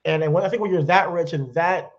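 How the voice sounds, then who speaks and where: A man's voice: a little high, quick pace. Blunt, profane man on dull lo-fi audio. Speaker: podcast co-host. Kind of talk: casual chat.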